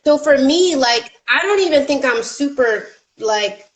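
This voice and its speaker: A woman's voice: high-pitched, animated, measured pace, rough recording. A woman songwriter chatting casually, thoughtful, with lots of "like" and "you know". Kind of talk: casual chat.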